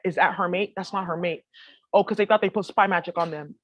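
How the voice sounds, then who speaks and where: A woman's voice: fairly low pitch, quick pace, no echo. A woman vlogger talking casually to her viewers, swearing freely and rambling in slangy asides. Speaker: spiritual vlogger.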